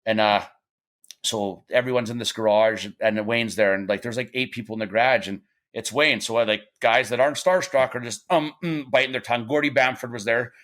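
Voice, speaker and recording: A man's voice: medium pitch, fairly even intonation, a little fast, fairly bright tone. A middle-aged man telling stories in casual podcast talk, rambling with frequent restarts and fillers, and acting out the voices of people he quotes. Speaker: podcast guest. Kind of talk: casual storytelling.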